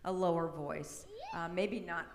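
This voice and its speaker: A woman's voice: lowish voice, fairly even intonation, measured pace. A middle-aged woman giving an informal workshop presentation, chatty, with frequent "right?" and "um". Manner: chatty, peppers talk with "right?" and "um". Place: large church hall. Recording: echoey hall with long reverb, faint noise.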